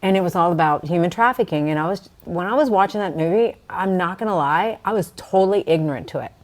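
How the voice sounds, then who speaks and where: A woman hosting a casual interview, engaged and quick with affirmations. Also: fairly low pitch. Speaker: host.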